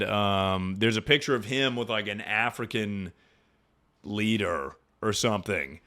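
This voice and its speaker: A young man streaming, rambling and joking with lots of swearing and quick impressions. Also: mid-range voice, bright, forceful tone, smooth. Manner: rambling, profane, jokey, often slips into impressions. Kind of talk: casual livestream commentary.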